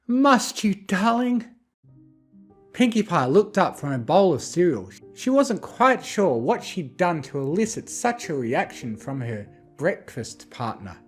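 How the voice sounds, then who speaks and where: A narrator reading romantic fanfiction aloud as a bedtime story, calmly and expressively. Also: medium pitch, measured pace, few pauses, soft background music. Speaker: fanfiction reader.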